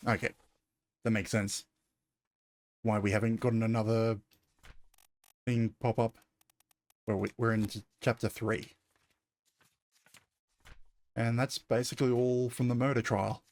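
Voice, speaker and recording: A man's voice: mid-range voice, little pitch movement, measured pace, pauses often, a little mellow, no echo. A man playing a video game and thinking aloud in casual commentary, often correcting himself. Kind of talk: let's-play commentary.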